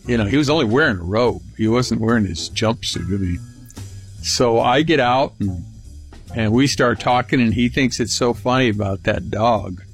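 A man's voice: medium pitch, moderate pace, faint music behind. An older man from California telling a casual personal anecdote in a folksy, rambling way with frequent restarts. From Palm Springs, California. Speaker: storyteller.

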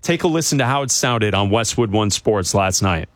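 A man's voice: on the low side, animated, no echo, studio quality. A man hosting a sports talk radio show, bantering playfully and reading station plugs. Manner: playful, teasing banter and quick ad reads.

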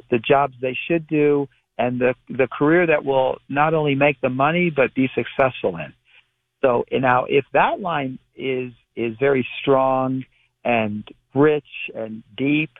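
A man calls in to a radio show and speaks over a narrow, tinny phone line with a dry sound and no room echo. He has a middle pitch and explains things in a measured, patient way. He often stops and restarts his phrases. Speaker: palmistry guest. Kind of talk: call-in radio interview. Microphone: telephone.

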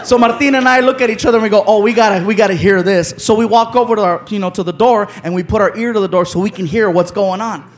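A man telling a story in stand-up, loud and animated, acting out the people in it with shouts. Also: high voice, fast, hardly any pauses. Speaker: stand-up comedian. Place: live comedy stage before a laughing crowd. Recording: live show with crowd noise.

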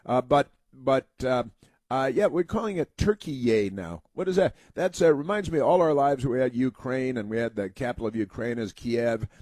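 An American man hosts a talk radio monologue in a rambling, filler-heavy way, now and then mocking others in put-on voices. His voice sits at an ordinary pitch, recorded dry and close with no room around it. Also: normal speed, darkish tone, dry recording. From United States.

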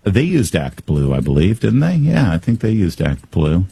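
A man's voice: deep voice, big pitch swings, moderate pace, gravelly, warm tone, breathy edge, no echo. A man hosting a talk radio show, giving emphatic, sarcastic commentary straight to his listeners. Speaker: radio host.

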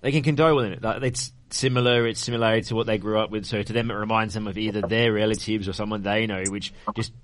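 A man hosting a casual interview who asks questions eagerly. His voice gets louder when he is excited. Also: lowish voice, quick pace, few pauses. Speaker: interview host.

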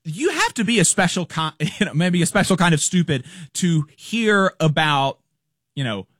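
A man hosting a political commentary show, talking casually, animated and scornful, laughing often. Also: on the high side, dry recording, clean studio sound.

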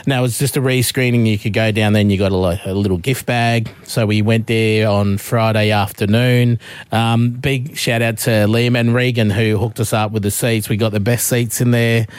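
A man's voice: on the low side, little pitch movement, normal speed, smooth, no echo. A man co-hosting a radio show, telling stories in casual chat and laughing often. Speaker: radio co-host.

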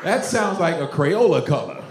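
A male stand-up comedian working a club stage, loud and profane, with a voice that sits a bit high and swings all over. The room echoes, and a laughing crowd and steady noise sit behind him. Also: normal speed. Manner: loud, animated, profane delivery.

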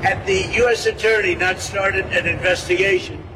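A man with a fairly high voice rambles through press remarks, repeating phrases and dropping sentences halfway. He sounds far from the mic, with loud outdoor and vehicle noise around him. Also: steady tone, normal speed. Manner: rambling, repetitive, trails off mid-sentence. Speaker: politician speaking to press.

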